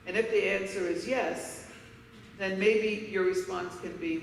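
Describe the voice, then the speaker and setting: Woman keynote speaker, emphatic candid storyteller, gravelly edge, long hall reverb, faint room noise. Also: mid-range voice, steady tone, unhurried. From Harlem, New York. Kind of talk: personal storytelling speech. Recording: echoey hall, voice from far off.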